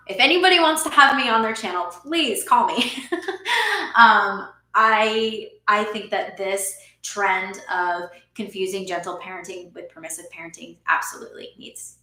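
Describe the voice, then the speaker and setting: Bright earnest woman in an echoey room. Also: mid-range voice. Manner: earnest, explanatory, laughs often. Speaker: parent coach. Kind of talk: talking-head vlog.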